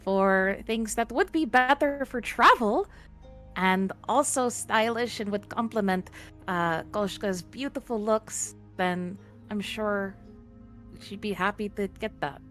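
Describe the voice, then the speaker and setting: A woman voicing a poised, protective young woman who keeps the peace, talking in a lively, emphatic way in a tabletop game. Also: mid-range voice, slow pace, faint music behind. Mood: firm.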